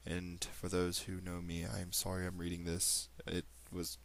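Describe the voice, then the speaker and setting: A man with an Australian accent reading a story aloud in a fairly low voice. He stumbles and restarts often, and drifts into rambling, apologetic chat. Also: completely flat delivery, moderate pace, creaky. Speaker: reader of fan fiction.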